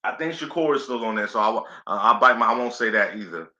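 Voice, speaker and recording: Fast and lively in intonation, a man with a lowish, pushed, bright voice hosts a casual live stream of boxing play-by-play. He's laid-back and talkative, leaning on "you know what I'm saying" often, and the audio is dull and lo-fi with room echo.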